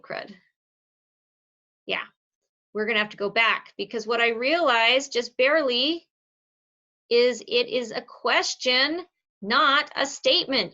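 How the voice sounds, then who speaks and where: A woman's voice: on the high side, pushed and bright. A woman teaching a grammar lesson on video in a chatty way, stopping to correct her own slips. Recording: slightly dull lo-fi recording.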